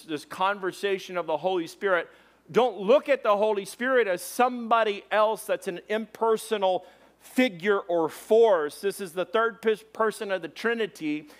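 A man preaching a sermon, telling a personal story with lively, animated delivery and raised voice for exclamations. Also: high-pitched. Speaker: pastor.

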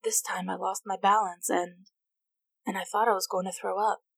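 A woman voicing a sick, weary man in bed, speaking softly and tiredly. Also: medium pitch, little pitch movement, moderate pace, vocal fry, slightly rough, no room sound. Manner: soft, tired.

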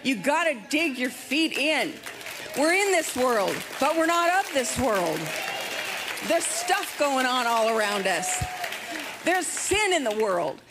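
A woman's voice: high voice, very animated, slow pace, a crowd in the background, background noise. An older woman preaching a sermon, emphatic and fervent, repeating her rallying phrases. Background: music.

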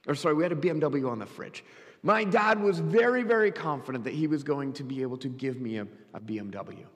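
A middle-aged pastor preaching a sermon, telling stories and swinging between loud emphatic lines and quick low asides. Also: male voice. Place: church. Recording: church hall with long reverb.

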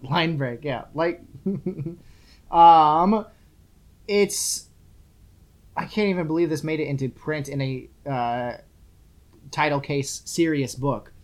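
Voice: mid-range voice, takes it slowly, long pauses. A young adult podcast co-host talking casually and sarcastically while reviewing a book, rambling and swearing freely. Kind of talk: casual chat.

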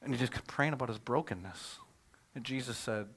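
A man, a pastor, preaching a sermon in a conversational, animated way, telling stories and asking rhetorical questions. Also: mid-range voice, a little fast.

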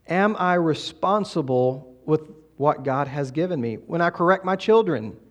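Middle-aged pastor guy preaching in church, kinda high voice, chatty, keeps checking in with the room. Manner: conversational preaching with quick asides to the congregation. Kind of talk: sermon. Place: church sanctuary.

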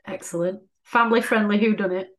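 A young woman, co-hosting a casual chat, animated, swearing and laughing often. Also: medium pitch, brisk. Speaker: podcast co-host.

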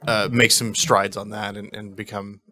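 Hesitant low-voiced man, bright tone. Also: little pitch movement, moderate pace. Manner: hesitant, self-deprecating. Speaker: podcast regular. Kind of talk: casual podcast chat.

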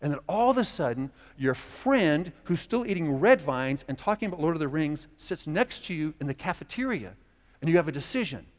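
A man's voice: a little high, brisk. A man pastor preaching a sermon, telling stories and acting out the voices of the people in them. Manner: storytelling, animated, acts out quoted voices. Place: church sanctuary. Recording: long hall reverb.

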